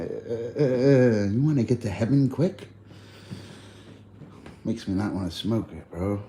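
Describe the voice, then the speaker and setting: A man's voice: lowish voice, dark tone, a little hiss or hum. A man chatting loosely on a livestream, rambling in slang and laughing often. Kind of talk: casual livestream chat.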